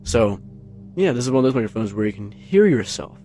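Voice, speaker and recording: A man's voice: very animated, fairly quick, mellow, soft background music. A man vlogging at home in a casual, rambling way, full of fillers and restarts, talking close into a tabletop microphone. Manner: rambling, many fillers and restarts, low-key. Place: carpeted room at home. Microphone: tabletop USB microphone, close, with headphones on.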